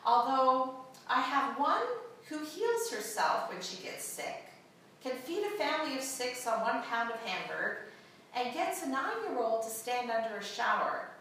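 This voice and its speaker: A patient male creator, God, read out by a woman in a bright, lively voice at an unhurried pace. The voice sits somewhat high and swings freely in pitch. It is captured from a distance in a strongly echoing room. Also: a little hiss or hum, exaggerated voice. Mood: explaining. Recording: echoey room from far off.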